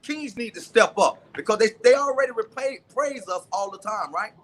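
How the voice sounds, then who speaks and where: Impassioned high-voiced man. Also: animated, normal speed, a bit bright. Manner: impassioned, preaching cadence. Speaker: panel guest. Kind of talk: impassioned panel discussion.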